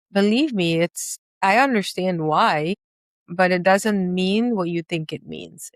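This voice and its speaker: A woman's voice: fairly low pitch, dry recording. Earnest, reflective woman talking. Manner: earnest, reflective, uses fillers like "like" and "you know". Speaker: podcast host and coach. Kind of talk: casual conversational talk.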